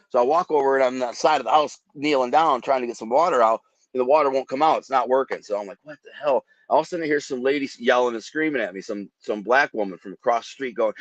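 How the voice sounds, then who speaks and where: A man's voice: mid-range voice, quick pace, fairly bright tone, no echo. Guy telling a wild story from his life, rambling and vivid, kinda dull dry podcast sound. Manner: vivid, rambling, acts out quoted voices. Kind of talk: intense personal storytelling.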